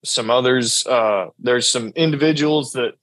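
A man's voice: mid-range voice, fairly bright tone, no echo, low-quality recording. A man who rides bulls, telling stories casually in an interview and acting out what others said. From New York state. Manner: drawn-out storytelling, acts out quoted dialogue. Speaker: bull rider guest.

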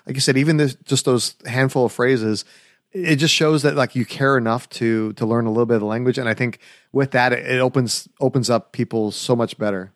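A man's voice: medium pitch, steady tone, fairly quick, no room sound, clean studio sound. An American man hosting a casual interview, asking questions in a friendly, chatty way with fillers. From United States. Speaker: podcast host.

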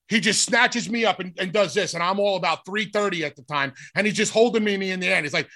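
A man with a bright, forceful tone and a gravelly edge spins an animated wrestling story. He talks with emphasis in a loose, casual podcast chat. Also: sits high, a little fast, few pauses. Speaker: podcast co-host, former wrestler.

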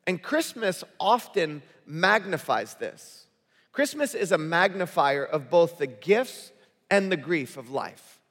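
Man, pastor, sermon, conversational storytelling, slightly high voice, long hall echo. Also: big pitch swings, slow pace, fairly bright tone.

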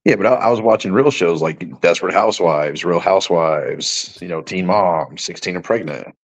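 A man's voice: low-pitched, normal speed. A man in his forties, a guest joking and telling stories in a casual podcast chat. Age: 40s. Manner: joking, storytelling. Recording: muffled lo-fi remote audio.

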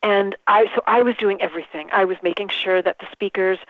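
A woman organizer telling an embarrassing story in a casual interview, animated and quick to laugh. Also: medium pitch, dry recording. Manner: animated, laughs often, restarts sentences. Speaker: event organizer, guest. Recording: tinny phone line.

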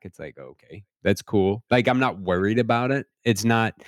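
A male podcast host talking in a reflective way, restarting phrases and slowing down to stress his points. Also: on the low side, expressive, no echo, studio quality. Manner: reflective, searching for words, repeats himself, slows down to stress points. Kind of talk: casual podcast conversation.

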